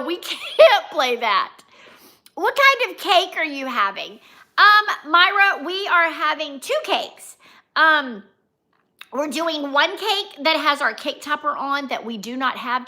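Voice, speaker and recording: A woman hosts a casual livestream in a high, sing-song, sharp-toned voice, speaking a little slowly. A vlogger, she chats and reads her viewers' comments aloud, greeting each by name.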